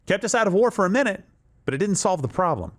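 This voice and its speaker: A man's voice: sits high, fast talker. A man hosting political commentary in an emphatic, sarcastic way. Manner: emphatic, sarcastic, animated delivery. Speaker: host.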